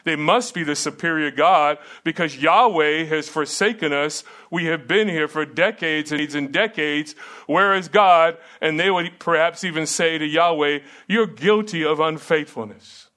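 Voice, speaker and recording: A man's voice: fairly high pitch, measured pace, few pauses, bright, forceful tone. A middle-aged man preaching a sermon and teaching at a seminary, earnest and emphatic with rhetorical questions.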